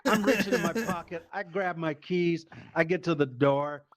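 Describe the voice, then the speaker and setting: Animated man telling stand-up stories. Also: fairly high pitch, moderate pace, over a noisy crowd. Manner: animated, profane, acts out quoted voices. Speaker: stand-up comedian. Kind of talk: stand-up storytelling in a VR comedy show.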